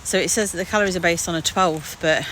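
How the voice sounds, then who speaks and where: A woman's voice: fairly low pitch, quick pace, fairly bright tone, a little hiss or hum, low-quality recording. Chatty woman vlogging outdoors. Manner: chatty, rambling. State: out of breath at times. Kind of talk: casual daily vlog. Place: outdoors walking, sometimes at home.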